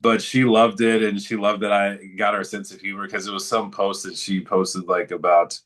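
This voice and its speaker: A man's voice: fairly low pitch, level tone, moderate pace, fairly bright tone. A man talking as a guest in a casual interview, telling stories in a laid-back, good-humored way.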